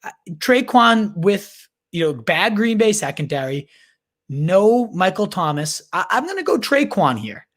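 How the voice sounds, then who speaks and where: Male livestream host, slightly higher voice, hyped and slangy, thinks aloud with restarts. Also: sing-song, unhurried, a bit bright. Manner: hyped, slangy, calls viewers "baby" and "my dude"; restarts and repeats words while thinking aloud. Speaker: fantasy football livestream host. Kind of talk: casual live Q&A chat.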